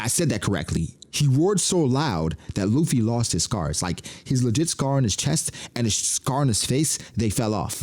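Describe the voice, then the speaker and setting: A man hosting a casual podcast, recapping a manga chapter in slangy chat, laughing often and acting out characters' lines. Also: mid-range voice. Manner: animated, laughs often, slangy, acts out quotes.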